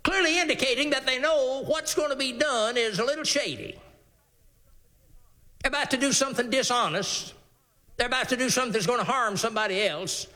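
A man's voice: very high voice, moderate pace, pushed and bright. A male preacher giving a folksy, emphatic sermon.

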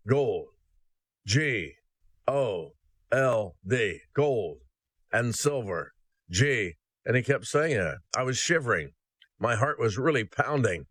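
A man's voice: medium pitch, a bit bright, no room sound. A man hosting a ministry podcast. He reads a personal story aloud, then gives an earnest devotional message that addresses listeners as brothers and sisters.

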